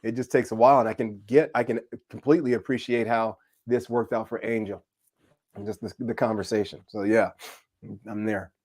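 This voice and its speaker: A man from California telling a story in a casual live discussion, animated and acting out voices. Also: fairly low pitch, a little fast. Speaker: co-host.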